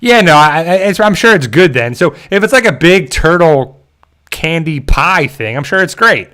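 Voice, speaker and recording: A man hosting a casual livestream reads viewer comments and rambles jokingly, chuckling frequently. His voice is on the high side, bright and forceful, with lively intonation and a normal speed.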